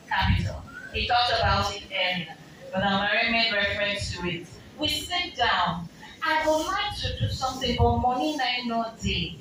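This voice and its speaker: A woman with a Nigerian accent, a business coach giving a seminar talk, asking the audience questions and slipping into Pidgin asides. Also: fairly high pitch. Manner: rhetorical, switching into Pidgin asides. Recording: very echoey hall, distant mic, ambient noise.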